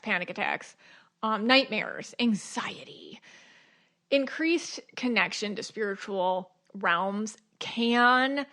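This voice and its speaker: A woman's voice: medium pitch, sharp tone. A middle-aged woman hosting a podcast, talking casually and chattily, full of "like" and "you know", acting out her own inner questions. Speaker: podcast host. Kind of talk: casual spiritual podcast monologue.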